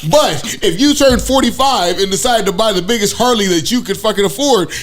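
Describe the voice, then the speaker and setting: A man's voice: high voice, brisk, fairly bright tone, soft background music. A man co-hosting a casual podcast, cracking crude jokes and laughing a lot. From Portland area, US. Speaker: podcast co-host. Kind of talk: casual profane chat.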